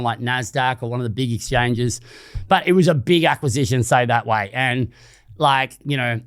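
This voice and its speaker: A man's voice: medium pitch, a bit bright. A man with an Australian accent hosting an unscripted solo podcast, talking casually and bluntly, with some swearing. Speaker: podcast host.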